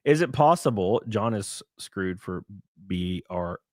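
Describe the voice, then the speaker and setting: Animated male streamer, dry sound. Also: on the low side, takes it slowly, no echo. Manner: rambling, reads chat aloud, laughs often. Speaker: streamer reacting to chat. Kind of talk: casual live-stream chat.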